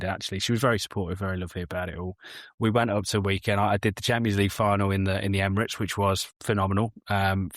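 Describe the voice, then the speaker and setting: Low-voiced guy rambling on a podcast, lots of ums, dry close sound. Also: no room sound. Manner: rambling, halting, with many fillers. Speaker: podcast guest. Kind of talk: casual chat.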